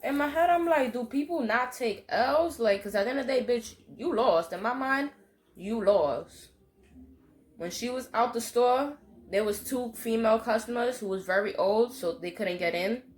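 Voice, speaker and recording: A young woman tells a story straight to camera. She keeps it animated and salty, with plenty of swearing and street slang. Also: a little high, moderate pace, slight background noise. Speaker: vlogger. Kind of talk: storytime monologue.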